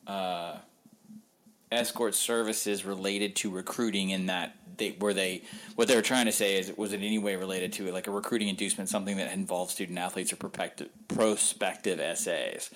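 A man's voice: low voice, fairly even intonation, moderate pace, fairly bright tone. A man working as a sports reporter, talking candidly in a casual podcast interview, rambling, with frequent ums.

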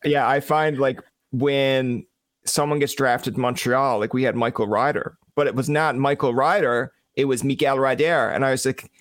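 A man's voice: mid-range voice, fairly even intonation, moderate pace, dry recording, studio quality. A man from Newfoundland hosting a podcast, chatting loosely and jokily with lots of "like" fillers. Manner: loose, filler-heavy, jokey. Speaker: podcast host. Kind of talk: casual podcast chat.

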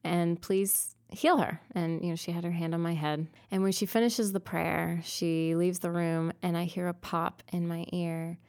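A woman's voice: on the low side, level tone, moderate pace, hardly any pauses, a little mellow, clear, resonant tone. A young woman telling an emotional personal faith story as an interview guest. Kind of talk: testimony interview.

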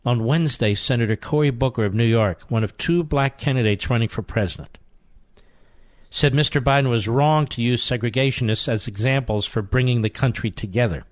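Combative talk radio host, dry studio sound. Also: male voice, mid-range voice, brisk, no echo. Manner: combative, sarcastic, swings between loud emphasis and muttered asides. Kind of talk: talk radio monologue, reading news aloud. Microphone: studio microphone.

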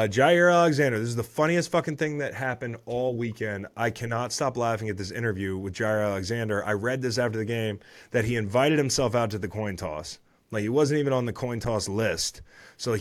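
A man in his thirties, a former football player hosting a podcast, recapping the week's games in casual chat with swearing and rambling asides. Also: mid-range voice.

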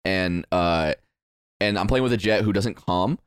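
A young man co-hosting a casual podcast chat, telling animated stories and laughing often. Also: low-pitched, unhurried, smooth, no room sound, clean studio sound. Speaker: podcast co-host.

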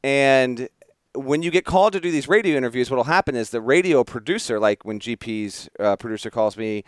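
A man's voice: medium pitch, animated, fairly quick, smooth, no echo, clean studio sound. Rambling, self-mocking male podcast host. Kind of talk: casual storytelling chat.

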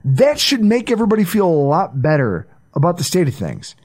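A man hosting a sports podcast, talking in a casual, animated way with some swearing. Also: high voice, brisk. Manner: animated, swearing, breaks into impressions. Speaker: podcast host.

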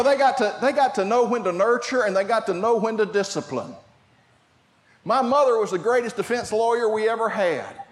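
An older man preaching a sermon, telling family stories and shifting from shouts to quiet asides. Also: sits high, slight background noise. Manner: storytelling preacher, swings from shouting to hushed. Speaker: pastor.

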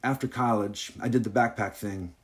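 A man's voice: on the low side, steady tone, normal speed, close to an everyday voice. A man voicing a wry, offhand adult son who is a failed actor.

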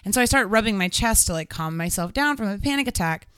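A young woman in casual podcast chat, her bright, crisp voice recorded close and dry. She tells stories with animation, acting out what people said and swearing freely along the way. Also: mid-range voice, fast talker, no room sound. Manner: animated storyteller, acts out quotes, swears freely. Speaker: podcast host. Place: Los Angeles area.

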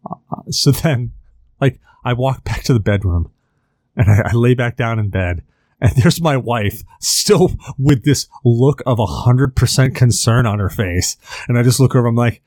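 A man's voice: medium pitch, moderate pace, darkish tone, no room sound. A man in his thirties spins a long story in casual podcast chat. He is rambling and profane, with lots of fillers, and his voice sits in a middle range. The sound is dry and close. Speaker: podcast host.

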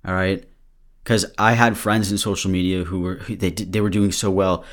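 A young man with a very low voice gives an earnest, loose motivational talk. He sounds a little out of breath, restarts his sentences often and swears casually, like a podcast host speaking straight to his listeners. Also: level tone, moderate pace.

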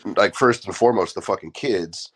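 A man with a stuffed-up nose, co-hosting a casual sports podcast and talking in a laid-back, halting way, with plenty of swearing. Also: deep voice, husky. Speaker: podcast co-host.

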